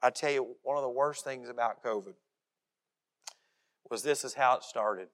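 A male pastor preaching a sermon, animated, and often acting out the voices of the people he quotes. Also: mid-range voice, normal speed, long pauses. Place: church.

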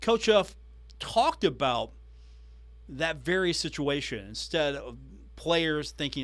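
Animated male sports podcast host. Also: fairly high pitch, slow pace, long pauses.

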